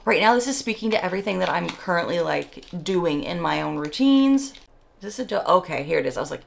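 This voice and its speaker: Casting: woman beauty vlogger, low gravelly morning voice, excitable unboxing chat. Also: fairly quick. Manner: chatty, excitable, reads labels aloud.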